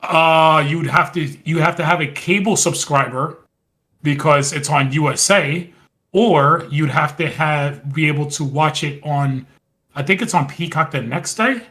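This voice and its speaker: A man's voice: on the high side, a little slow, bright, forceful tone. A man co-hosting a podcast, chatting casually and retelling scenes at a rambling pace with quoted lines. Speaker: podcast co-host. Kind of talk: casual wrestling recap chat.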